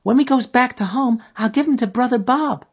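A man voicing a grave, earnest little girl of about five who speaks in a high childish voice with folksy grammar. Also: fairly quick, husky, muffled recording, heavily acted.

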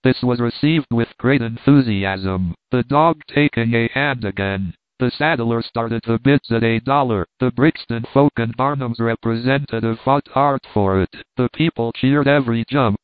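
A man's voice: mid-range voice, normal speed, few pauses, clear, resonant tone, dry recording. Man narrating on a tinny line. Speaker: audiobook narrator. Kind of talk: scripted narration. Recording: dry, tinny phone-like sound.

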